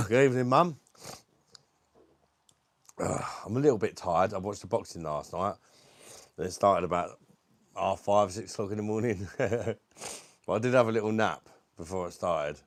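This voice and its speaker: A British man with a lowish voice chats casually on a live beer stream, calling out viewers and swearing now and then. He has a lingering cough. The sound is dry and close. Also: lively intonation, unhurried, pauses often, bright, forceful tone, no room sound. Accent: British English. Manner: chatty, greets viewers by name, swears casually. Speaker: livestream host reviewing beer.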